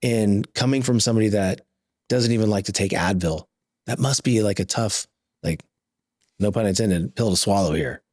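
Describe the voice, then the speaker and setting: Encouraging male host, lowish voice. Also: moderate pace, darkish tone, dry recording, clean studio sound. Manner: encouraging, affirming, laughs easily. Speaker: podcast host. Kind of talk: interview conversation.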